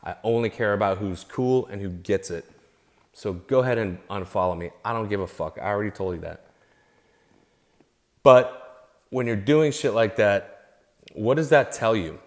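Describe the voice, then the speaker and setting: A man's voice: fairly low pitch, normal speed, pauses often. A man ranting unscripted to his followers, heated and profane, repeating himself and restarting his phrases as he gets worked up. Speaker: vlogger. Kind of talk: unscripted angry rant to camera.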